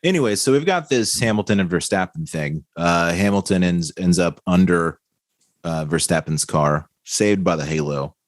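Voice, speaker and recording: A man co-hosting a podcast in casual chat, relaxed and chatty, full of "dude" and "like". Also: low voice, moderate pace, no room sound. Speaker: podcast co-host.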